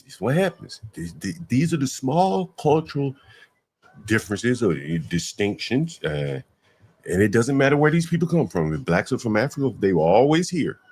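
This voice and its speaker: A man's voice: mid-range voice, big pitch swings, normal speed, darkish tone, breathy edge. A man giving casual reaction commentary on a clip, emphatic and full of rhetorical asides.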